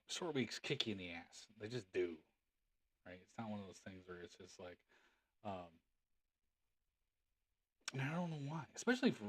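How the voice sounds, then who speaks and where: A man's voice: fairly low pitch, fairly bright tone. Rambling man chatting on a livestream. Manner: rambling, laughing, many fillers. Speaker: livestream host. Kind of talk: casual livestream chat.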